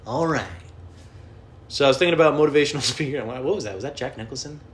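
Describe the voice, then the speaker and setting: Speaking at a quick pace in a medium-pitched voice, a young adult comedian hosts his podcast by himself at home. He rambles, swears, makes fun of himself, and skips around between topics.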